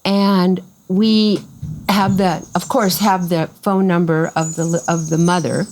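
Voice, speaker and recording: A woman's voice: fairly low pitch, moderate pace, slight background noise, poor audio. An older woman, cofounder of a farm, telling a story in a casual interview and acting out the voices of the people in it. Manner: animated storyteller who acts out quoted voices.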